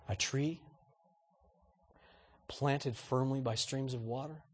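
A man preaching a sermon to a congregation, animated and asking rhetorical questions. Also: medium pitch, slow, pauses often, slight background noise. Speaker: pastor.

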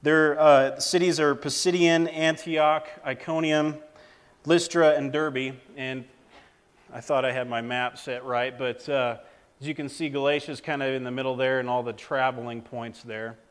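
A man's voice: medium pitch, level tone, clean tone. Plainspoken man preaching a sermon. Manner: plainspoken, halting, many fillers and restarts. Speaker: lay preacher.

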